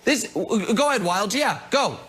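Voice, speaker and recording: A man's voice: high-pitched, expressive, moderate pace, fairly bright tone. A man hosting a heated sports debate, sarcastic and incredulous, stumbling over restarts.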